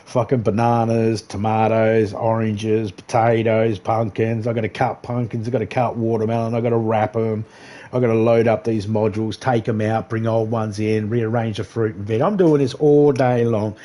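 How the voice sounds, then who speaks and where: A man's voice: on the low side, level tone, normal speed, dark tone. A man on a game livestream casually telling a rambling, profane story and laughing often. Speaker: livestream gamer.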